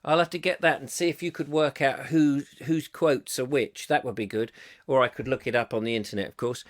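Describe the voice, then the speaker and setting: A man's voice: medium pitch, steady tone, fairly quick. A middle-aged man hosting a comic live chat show, reading viewer comments aloud and rambling jokily between them. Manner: jokey and rambling, puts on silly voices.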